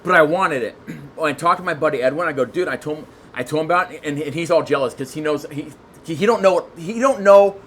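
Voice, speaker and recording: A man who is a guest on a podcast, telling a long story in casual chat, excitable and rambling, with lots of restarts. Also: fairly high pitch, fast, a little hiss or hum.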